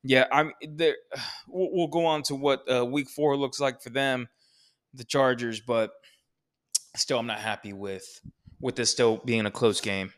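A man with a smooth, clean-toned voice chats casually about football. He rambles, swears now and then and gives strong opinions. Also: mid-range voice, fairly even intonation, a little slow. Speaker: podcast co-host. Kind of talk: casual sports chat.

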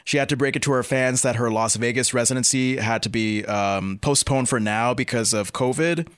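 A man's voice: mid-range voice, normal speed, a bit bright, smooth. Teasing male gossip host. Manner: teasing, playful, hesitant. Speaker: podcast host. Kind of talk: casual celebrity gossip chat.

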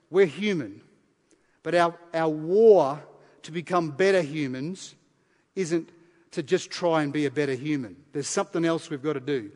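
A man preaches to his congregation in a high, bright-toned voice. He leans hard on key phrases, repeats them, and drops from loud declarations to quiet asides. Long reverb from the big room trails after each line. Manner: emphatic, repeats key phrases, shifts between loud and soft. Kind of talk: sermon. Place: church service. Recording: long reverb of a large hall.

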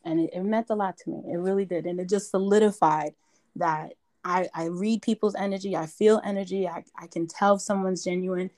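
A woman from Brooklyn, a podcast guest, excitedly retelling a story with emphatic repetitions. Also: lowish voice, brisk. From Brooklyn, New York. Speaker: interview guest. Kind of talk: casual storytelling.

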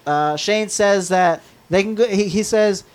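A young man with a noticeably high-pitched voice co-hosts a casual wrestling podcast. He rambles through recaps, swears freely, and breaks into laughter often. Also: a little slow. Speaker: podcast co-host.

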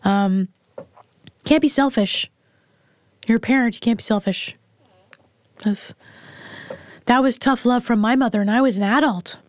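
Middle-aged mother as interview guest, blunt candid storyteller, slightly higher register, dry room. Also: a little slow, pauses often, dry recording. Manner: frank and blunt, plain-spoken.

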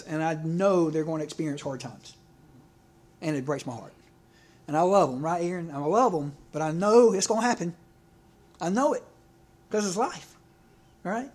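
Male preacher, fairly high voice, talks plainly to his church and keeps asking them "okay?". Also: a little mellow. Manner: conversational, repeats himself, checks in with "okay?" and "all right?". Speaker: preacher and teacher. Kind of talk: casual sermon.

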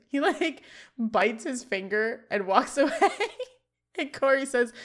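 A woman's voice: a little high, lively intonation, unhurried, a bit bright. A woman co-hosting a podcast, chatting casually and reading out scene-by-scene recaps of a sitcom episode. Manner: chatty, reads scene recaps with quoted lines. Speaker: podcast co-host.

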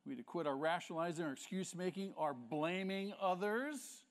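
Man, pastor, sermon, emphatic, rhetorical questions, slightly high pitch. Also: expressive, normal speed.

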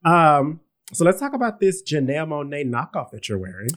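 A man's voice: fairly high pitch, very animated, brisk, fairly bright tone. A man co-hosting a casual chat, teasing and giggling often. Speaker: podcast co-host. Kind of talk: casual banter.

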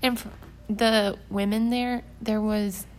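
A woman's voice: mid-range voice, flat delivery, takes it slowly, a little hiss or hum, low-quality recording. A young woman with the hiccups, chatting casually and rambling through a trip recap with lots of fillers. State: has the hiccups. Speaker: volunteer recapping a church trip. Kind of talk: casual chat.

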